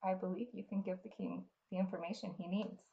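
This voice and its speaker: A woman voicing a calm male general and king in a steady, formal way, as she reads a fantasy novel. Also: on the low side, brisk, vocal fry, dull audio.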